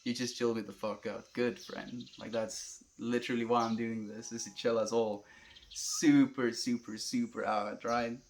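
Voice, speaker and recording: A young man with a South African accent talks to his livestream viewers in a calm, unhurried voice. His pitch sits in the middle range for a man, and he answers each chat message easily, warmly calling people friend. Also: a little hiss or hum. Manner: calm, laid-back, calls viewers friend.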